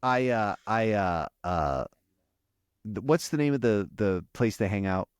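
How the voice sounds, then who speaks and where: A man with a fairly low voice that rises and falls a lot as he recaps a TV episode. He talks casually, stumbling and restarting as he hunts for words. The sound is dry and close. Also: expressive, a little slow, clear, resonant tone, no room sound. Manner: rambling, many restarts, searches for words. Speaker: podcast co-host.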